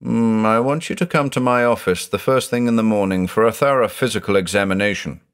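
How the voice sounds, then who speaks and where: A man voicing a stern male psychiatrist who speaks in a sharp, clipped, professional way. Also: on the low side, a little fast, clean tone, close to an everyday voice. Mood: brisk.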